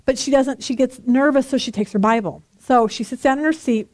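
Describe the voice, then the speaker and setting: A woman in her forties leads a relaxed Bible study and talks as if chatting with friends. Her voice sits a little high, and she tells stories with lively energy and frequent laughter. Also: fairly quick, no echo. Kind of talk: casual Bible study teaching.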